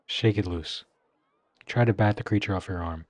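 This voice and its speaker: A low-voiced male streamer talks casually while playing a text adventure. He reads the options aloud and comments wryly. The sound is dry and close, with no room echo. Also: moderate pace. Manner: wry, reads game text and reacts with crude jokes. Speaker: game streamer.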